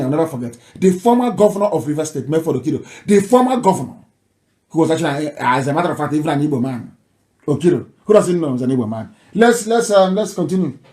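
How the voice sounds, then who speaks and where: Man on live radio, high voice, keeps repeating himself, pretty echoey room. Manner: emphatic, repeats phrases, rises to near shouting. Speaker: radio broadcaster.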